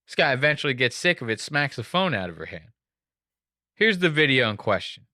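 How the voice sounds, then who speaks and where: A man's voice: medium pitch, sing-song, a little fast, sharp tone, no echo, clean studio sound. A young man hosting a casual podcast, rambling and swearing as he jokes through the story. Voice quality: profane, rambling, jokey. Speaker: podcast host.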